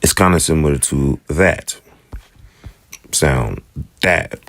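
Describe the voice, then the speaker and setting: Very deep-voiced man teaching slowly. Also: no room sound. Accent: African American English. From United States. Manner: repeats sounds slowly, drawn-out demonstrations. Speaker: Hebrew teacher. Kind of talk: casual alphabet lesson.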